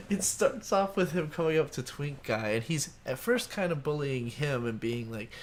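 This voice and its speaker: A man's voice: a little high, animated, normal speed, slight background noise. Rambling, crude-joking male podcast host. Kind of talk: casual anime discussion.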